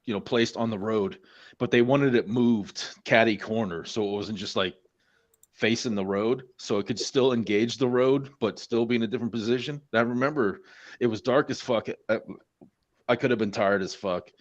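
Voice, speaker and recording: A man's voice: fairly low pitch, moderate pace. Man, 40s, veteran. Loose, profane, rambling storyteller on a slightly muffled stream line. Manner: heavy swearing, rambling, many restarts. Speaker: Marine veteran guest. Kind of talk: casual storytelling among friends.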